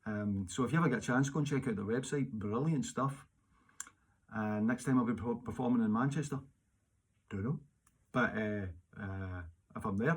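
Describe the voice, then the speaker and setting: A man's voice: medium pitch, darkish tone, breathy edge. A middle-aged man with a Glaswegian accent, chatting casually as he answers fan questions at home, rambling with many fillers and restarts. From Scotland. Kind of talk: casual solo Q&A video. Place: home during lockdown.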